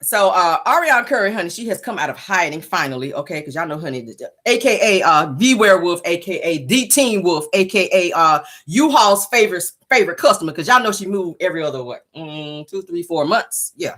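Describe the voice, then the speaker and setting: Husky-voiced woman dishing petty gossip. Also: on the low side, lively intonation, fairly quick, fairly bright tone. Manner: petty, profane, teasing, laughs often. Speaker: celebrity gossip show host. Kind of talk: casual gossip commentary. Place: in a car.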